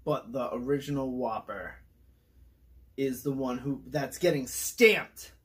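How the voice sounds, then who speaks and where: A man hosting a casual food review vlog, excitable and talking while he chews. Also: mid-range voice, takes it slowly. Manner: excitable, talks while chewing.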